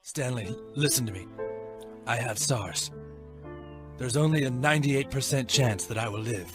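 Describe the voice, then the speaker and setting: A man's voice: mid-range voice, normal speed, music in the background, lightly acted. An actor voicing a cartoon dad giving a mock-grave deathbed speech to his son, coughing between lines.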